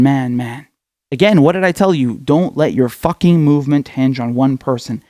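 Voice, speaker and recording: Male political commentator, slightly higher voice, furious profane rant, dry close sound. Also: darkish tone, no room sound. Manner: profane, angry, lecturing directly to viewers. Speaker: political commentator, show host.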